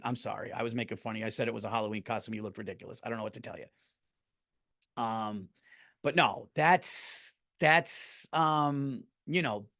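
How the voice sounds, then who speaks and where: A man's voice: medium pitch, no echo, clean studio sound. A man hosting his podcast in a casual monologue, ranting with profanity and slipping into mocking impressions. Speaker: podcast host.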